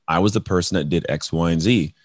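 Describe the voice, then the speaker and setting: Deep-voiced, emphatic motivational coach man. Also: fast talker, no echo, studio quality. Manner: emphatic, acts out client dialogues, calls people bro. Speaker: guest, coach and speaker. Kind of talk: energetic motivational talk.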